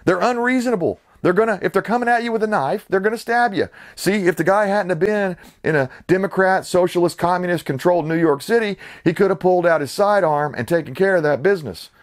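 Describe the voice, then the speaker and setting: A man's voice: high-pitched, fast, few pauses. A man hosting his own channel, ranting with sarcastic, indignant, rambling commentary. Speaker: channel host.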